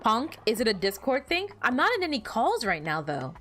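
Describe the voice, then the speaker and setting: A woman talks through her game for her stream viewers in casual, running commentary, her pitch swinging up and down as she goes. She is chatty and animated, quick to get flustered and to ask her chat questions. Faint game music plays beneath her voice.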